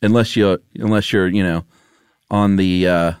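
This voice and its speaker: A man with a deep, low voice chats as a podcast co-host. He is laid-back and teasing, and he laughs a lot. The recording is dry and close, with no room sound. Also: fairly even intonation, moderate pace, darkish tone, smooth, dry recording. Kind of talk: casual chat.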